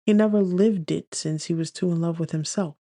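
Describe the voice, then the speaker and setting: A man voicing a playful young woman who teases and argues in quick-witted banter. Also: on the high side, steady tone, warm tone, dry recording, studio quality, lightly acted. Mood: teasing. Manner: teasing, argumentative banter.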